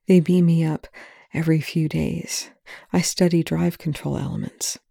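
Brief: reader doing a breathless, weepy woman scientist, soft and hushed, dry close mic. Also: mid-range voice, flat delivery, normal speed, gravelly, dry recording. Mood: shaky, tearful. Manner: breathless, half-whispered, choked. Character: distressed woman scientist, tearful and pleading. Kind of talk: audiobook reading of fan fiction.

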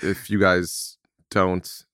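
A man with a low voice co-hosting a podcast. He chats casually, rambling with many restarts and fillers. The sound is close and dry. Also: level tone, very slow, a bit bright, no room sound. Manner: rambling, lots of likes and restarts. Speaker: podcast co-host. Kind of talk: casual chat.

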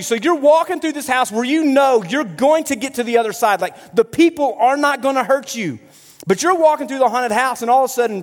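A man preaching a sermon as pastor, telling stories with playful humor and lively delivery. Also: very high-pitched. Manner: animated storytelling with playful humor. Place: church hall. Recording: long hall reverb.

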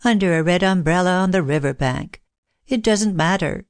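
A woman's voice: on the low side, moderate pace, no room sound, clean studio sound, lightly acted. A woman reading the part of an elderly lady who is childlike, playful and airy, in a lilting voice.

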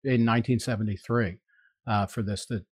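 A man's voice: on the low side, fairly even intonation, a little fast, slightly rough, no echo. Dry-voiced man riffing in a roundtable. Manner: rambling, many fillers and restarts, opinionated. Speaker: podcast co-host, magazine editor. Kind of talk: casual roundtable discussion.

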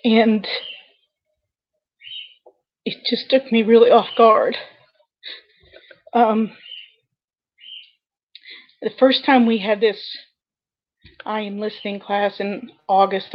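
Woman on a video call, earnest and halting, dull lo-fi sound. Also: medium pitch, level tone. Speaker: 911 dispatcher guest. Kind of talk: personal story on a virtual call.

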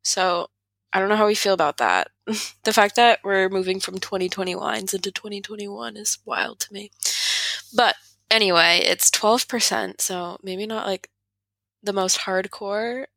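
Young woman, twenties, casual chat, giggly, bright voice, dry close sound. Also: medium pitch, moderate pace, creaky, no room sound. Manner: giggly, laughs often while talking. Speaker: podcast co-host.

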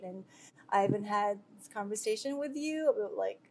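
A woman's voice: medium pitch, lively intonation, normal speed, slight background noise. A woman earnestly sharing a personal faith testimony with viewers, talking loosely with many fillers and restarts. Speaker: speaker sharing a devotional.

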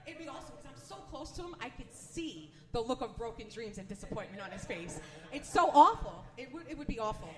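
A woman's voice: a little high, big pitch swings, fast talker, a crowd in the background. A woman in her forties doing a stand-up comedy set, chatty, nervous and self-deprecating. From Northeast US. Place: comedy venue with a live audience. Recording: echoey live room.

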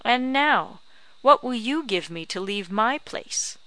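A sharp-tongued old backwoods crone, as a woman reader puts her on, pitched a little high and bright. She scolds and bargains with scornful bite, in a dry, clean storybook reading. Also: lively intonation, takes it slowly, no room sound, heavily acted. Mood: tart haggling. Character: shrewd old backwoods woman, tart and haggling. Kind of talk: audiobook character reading.

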